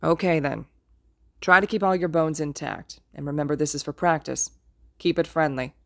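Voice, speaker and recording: A weary, blunt male teacher, as a woman reader puts him on, issuing short, clipped orders in a lowish, even voice. A storybook reading, recorded close and dry. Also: normal speed, vocal fry, dry recording. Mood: curt. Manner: curt, matter-of-fact instructions.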